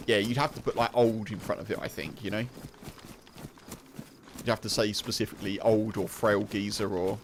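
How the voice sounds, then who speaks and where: A man's voice: lowish voice, fairly even intonation, normal speed, long pauses, slight background noise. A British man chatting casually with viewers on a game livestream, explaining slang. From United Kingdom. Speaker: streamer.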